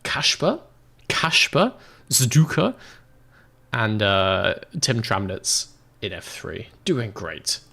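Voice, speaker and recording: A man's voice: lowish voice, expressive, slow pace, creaky, pushed and bright. A man giving casual gameplay commentary as a game streamer, in a sarcastic, self-mocking and joking way.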